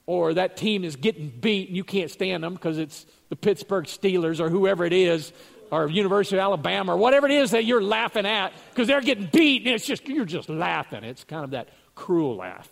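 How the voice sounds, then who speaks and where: High-voiced man preaching a chatty sermon. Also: expressive, fairly quick, gravelly. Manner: storytelling, chuckling, repeats words as he goes. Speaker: pastor. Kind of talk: conversational sermon.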